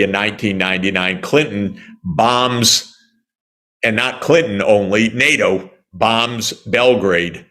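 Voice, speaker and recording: A man in his sixties from the United States, answering interview questions in an emphatic, indignant way with sarcastic asides and many pauses. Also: on the low side, fairly bright tone. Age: 60s. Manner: frequent "uh" pauses and restarts. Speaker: economist interviewee.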